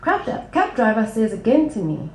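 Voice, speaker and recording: A woman telling a funny personal story live on stage, expressive and quick to laugh. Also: a little high, echoey room, low-quality recording. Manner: humorous, expressive, laughs often.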